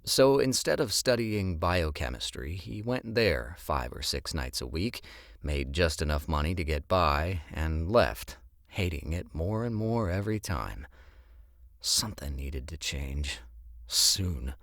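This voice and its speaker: A man narrating an audiobook in an expressive storytelling manner. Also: rumbling low, a little slow, creaky, no echo, studio quality.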